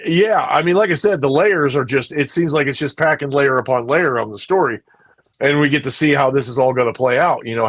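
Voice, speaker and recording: A man's voice: medium pitch, a bit bright. A man co-hosting a podcast in casual chat, rambling and repeating his phrases. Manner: rambling, repeats himself often. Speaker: podcast co-host.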